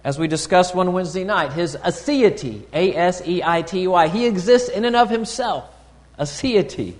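Measured preacher in a reverberant hall. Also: male voice, high-pitched, a little mellow. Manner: deliberate, teaching tone with pauses and fillers. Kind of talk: sermon.

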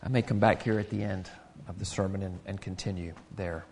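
A man's voice: low voice, steady tone, brisk, a little mellow, big-room sound, a little hiss or hum. A man, preaching a sermon in an earnest, conversational way with frequent restarts. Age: 50s. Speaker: pastor.

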